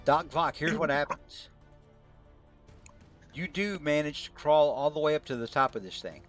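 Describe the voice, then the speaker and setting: A man running a tabletop role-playing game as game master, describing scenes and working out dice results in a plain, steady way. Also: on the high side, normal speed, soft background music.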